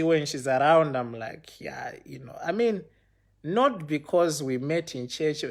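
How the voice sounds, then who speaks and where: Young man, slightly higher voice, loose rambling storyteller who keeps asking viewers if they follow. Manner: rambling, repeats phrases, checks in with viewers. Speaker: storyteller on a livestream. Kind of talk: casual livestream storytelling.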